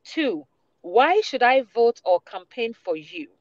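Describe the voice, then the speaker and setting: High-voiced Ghanaian man, playful questioner. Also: big pitch swings, takes it slowly, no room sound, muffled recording. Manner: mixes Twi and English, playful then pointed. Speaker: panelist asking questions. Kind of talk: talk show questioning.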